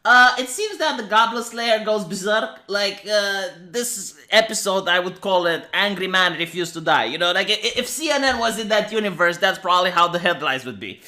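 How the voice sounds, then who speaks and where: A man's voice: high-pitched, expressive, normal speed, hardly any pauses, pushed and bright. A man reviewing an anime episode in casual commentary, sarcastic and profane, ranting with rhetorical questions. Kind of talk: casual commentary over clips.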